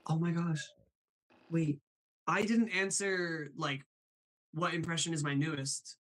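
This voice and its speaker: A man hosting a casual live stream, animated and reading chat messages aloud. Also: fairly high pitch, measured pace. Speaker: host of a live stream show.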